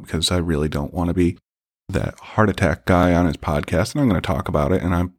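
A middle-aged man hosting a podcast, telling a personal story in a candid, joking way and swearing freely. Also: deep voice. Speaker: podcast host.

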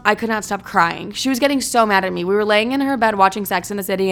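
A woman's voice: medium pitch, creaky, fairly bright tone. Chatty young woman telling a story. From Chicago area. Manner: chatty, swears a lot, many "like" fillers. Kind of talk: casual storytime vlog.

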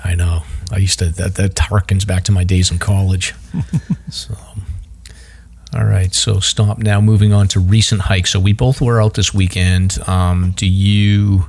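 A man's voice: low-pitched, flat delivery, a little slow, a little mellow, breathy edge. A man hosting a hiking podcast in casual chat, loose and chatty with many fillers and restarts. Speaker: podcast host.

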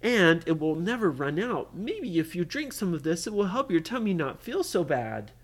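A storyteller voicing a brash, determined young boy adventurer who talks loud and commanding. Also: mid-range voice, big pitch swings, moderate pace, voice pushed up. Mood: caring.

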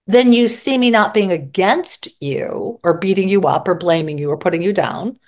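A woman therapist speaking as an interview guest, expressive and acting out her examples vividly. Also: mid-range voice, normal speed. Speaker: psychotherapist guest. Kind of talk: interview conversation.

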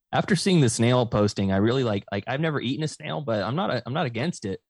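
A man's voice: medium pitch, lively intonation, brisk, slightly rough, no echo, studio quality. A man hosting a podcast in casual chat, rambling and laughing often. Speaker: podcast host.

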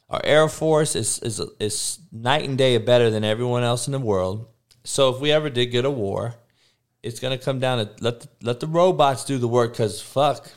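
A middle-aged man ranting as a podcast host, blunt, sarcastic and heavy on profanity, often stammering through restarts. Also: mid-range voice. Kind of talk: profane rant.

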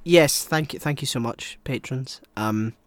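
A man's voice: mid-range voice, measured pace, dry recording. Rambling male podcast co-host. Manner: rambling, swings between mumbled asides and loud exclamations. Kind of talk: casual podcast chat.

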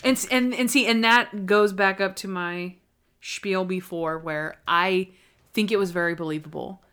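A woman's voice: medium pitch, fairly even intonation, normal speed, fairly bright tone, clear, resonant tone. A young woman co-hosting a casual chat, talking enthusiastically and acting out scenes. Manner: chatty, enthusiastic, acts out scenes in quotes. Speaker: podcast co-host reviewing a TV episode.

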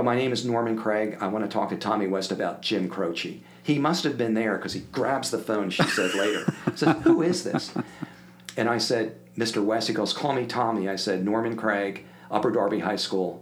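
Older man telling lively stories, lowish voice. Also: a little fast, few pauses, a little hiss or hum. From Philadelphia area. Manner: animated anecdote-telling, acts out quoted voices. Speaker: podcast guest. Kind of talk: casual storytelling.

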